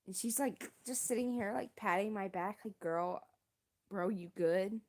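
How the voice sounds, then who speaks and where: Young woman streaming, rambling + slangy, laughs at herself, normal pitch. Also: a little slow, a little mellow. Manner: rambling, self-deprecating, slangy. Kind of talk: casual storytelling.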